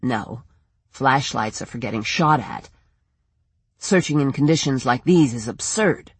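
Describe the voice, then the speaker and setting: Narrator playing a low blunt skeptical townsman, storybook reading, dry sound. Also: animated, measured pace, breathy edge, no room sound. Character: man, a weary cautious townsman.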